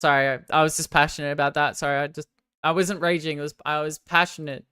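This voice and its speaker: A woman livestreaming a game, chatting with her viewers and swinging from excited outbursts to sheepish apologies. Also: low-pitched, fast, clean tone, dry recording, studio quality. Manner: banters with chat, swears casually. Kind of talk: casual gaming livestream chat.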